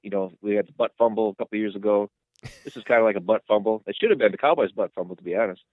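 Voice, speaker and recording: A man co-hosting a casual sports podcast, rambling through each play and getting worked up as he tells it. His voice sits on the low side. The sound is thin and phone-like, with no room around it. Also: very fast, no room sound. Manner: excitable, rambling storyteller. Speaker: podcast co-host. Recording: tinny phone-like line, dry.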